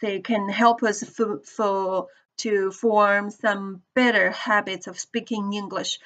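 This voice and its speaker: A woman teaching English pronunciation to a class, explaining slowly and checking in with students as she goes. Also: medium pitch, steady tone, fairly bright tone. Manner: slow, deliberate explaining with questions to the class. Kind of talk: classroom lecture.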